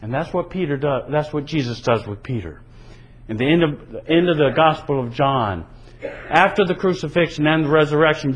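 Husky-voiced man preaching with lively emphasis. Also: on the high side, low-quality recording. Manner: earnest, emphatic preaching with rising and falling delivery. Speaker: pastor. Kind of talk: sermon.

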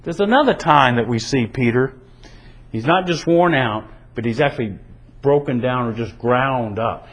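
A man's voice: mid-range voice, moderate pace, rough recording. A man preaching a sermon in an earnest, emphatic way, his delivery rising and falling. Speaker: pastor.

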